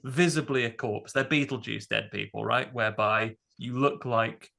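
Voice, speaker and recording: A man co-hosting a podcast, explaining scenes of a horror film in animated detail. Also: medium pitch, moderate pace, gravelly. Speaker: podcast co-host. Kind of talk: casual film discussion.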